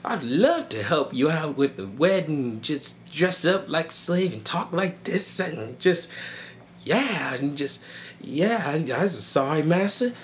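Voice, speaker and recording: A man's voice: on the high side, big pitch swings, slow, slight background noise, voice pushed up. Man putting on a stammering, fawning male servant. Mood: fawning, nervous. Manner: stammering, pleading, eager to please.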